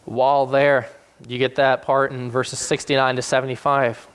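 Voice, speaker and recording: A man preaching a sermon, retelling scripture with animated acted-out voices for the people in the story. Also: normal speed, clear, resonant tone. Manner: animated, acts out quoted characters with sudden high-pitched voices. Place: South Jersey church.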